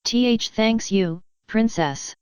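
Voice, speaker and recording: A woman's voice: a little high, extremely slow, darkish tone, clean tone, no echo, pitched above the performer's own voice. A woman voicing a timid, tearful young pony filly who stammers and pleads.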